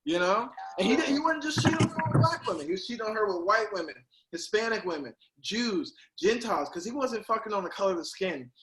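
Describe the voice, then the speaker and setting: A man doing a stand-up comedy set over a video call, animated and bursting into loud character voices. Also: high voice, brisk, few pauses, loud music behind the voice, low-quality recording.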